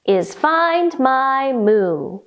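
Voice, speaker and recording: A woman reading as a gentle, plaintive storybook cow. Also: high-pitched, very animated, drawn-out words, highs cut off, exaggerated voice. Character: gentle female farm cow who lost her moo.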